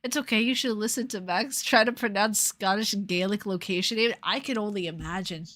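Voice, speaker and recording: A young woman with a New York accent chats loosely on her stream, drifting between thoughts and cursing casually as she goes. Her voice sits at an ordinary middle pitch. The sound is dry and close, with no room around it. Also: fairly quick, a bit bright, no echo. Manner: rambling, swears freely, laughs often. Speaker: YouTuber reading live chat. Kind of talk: casual livestream chat.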